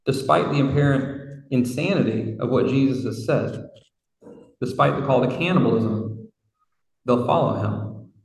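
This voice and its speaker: A man's voice: medium pitch, a little slow, creaky, long pauses. A man preaching a sermon in a reflective, conversational way, with casual asides. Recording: roomy hall from far off.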